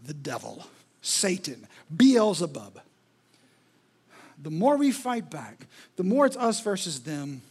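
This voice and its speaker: A man's voice: sits high, big pitch swings, unhurried, husky. A male pastor preaching a sermon in an emphatic, repetitive, rhetorical style.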